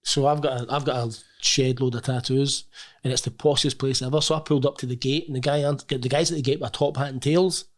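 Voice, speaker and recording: Guy, middle-aged, rambling funny golf stories on a podcast, mid pitch. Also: fairly even intonation, a little fast. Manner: chatty anecdotal storyteller, jokey. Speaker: podcast co-host. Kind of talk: casual golf banter.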